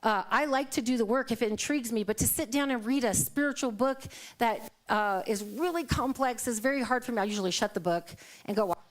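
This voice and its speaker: A middle-aged woman speaks to a congregation in a loose, conversational sermon, her voice sitting a little high. She tells personal anecdotes, slips into the voices of the people in them, and laughs easily as she goes. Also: brisk. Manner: storytelling, acts out quoted dialogue, laughs often. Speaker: guest speaker at a Sunday service.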